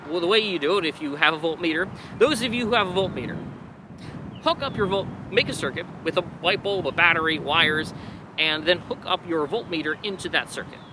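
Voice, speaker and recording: A man's voice: on the high side, noisy background. A young man, a father of a baby, teaching a casual science lesson in a chatty, digressive way with playful asides.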